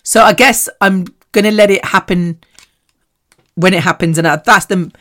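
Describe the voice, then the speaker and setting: A woman hosts her own podcast, telling personal stories in a lively, chatty way. She laughs often, and her mid-range voice swings up and down as she talks. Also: unhurried. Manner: animated and chatty, with frequent laughs and big swings in pitch. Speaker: podcast host. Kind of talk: solo personal storytelling.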